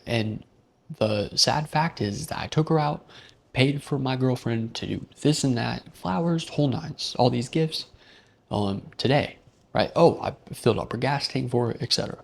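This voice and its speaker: A man's voice: medium pitch, creaky. A man hosting his own vlog, delivering a blunt, profane, rambling rant. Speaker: vlog host. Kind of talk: casual rant monologue.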